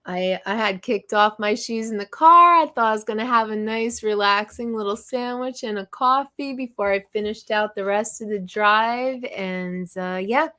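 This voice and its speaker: A woman's voice: medium pitch, a bit bright. A woman hosting a live stream, chatting casually and rambling with frequent laughs. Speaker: live show host.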